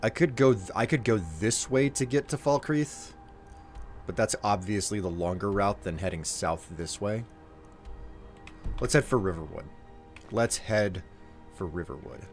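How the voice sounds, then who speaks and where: A man's voice: lowish voice, a little slow, long pauses, faint music behind. A man chatting casually while streaming a game, rambling and joking, often restarting his sentences. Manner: rambling, self-interrupting, jokey.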